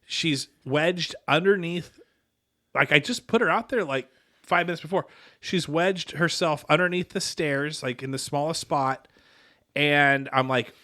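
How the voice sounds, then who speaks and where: Podcast co-host, man, 40s, slightly high, bright voice, rambling storyteller who restarts his sentences. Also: measured pace. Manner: rambling, self-correcting anecdote with quoted dialogue. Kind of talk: casual storytelling chat.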